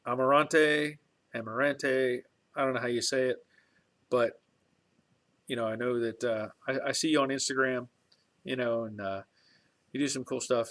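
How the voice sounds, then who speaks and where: A middle-aged man hosting a casual live stream from his home garage workshop, rambling in a folksy way with chuckles and restarts. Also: mid-range voice. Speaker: channel host on a live stream.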